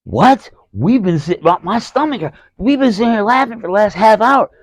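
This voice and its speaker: A man's voice: high voice, sing-song, normal speed, no room sound, pitched above the performer's own voice. A man mimicking an indignant, incredulous audience. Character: indignant crowd of laughing audience members.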